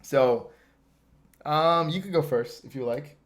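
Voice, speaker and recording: A man's voice: a little high, takes it slowly. A man hosting a casual nerd-culture podcast, rambling and joking about tech trouble. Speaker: podcast host. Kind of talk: casual chat.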